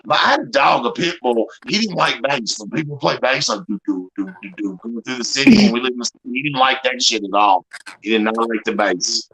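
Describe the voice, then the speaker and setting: A man's voice: mid-range voice, animated, brisk, fairly bright tone, slight background noise, low-quality recording. A man with a Southern accent chatting casually on a group livestream, rambling and folksy, swearing freely.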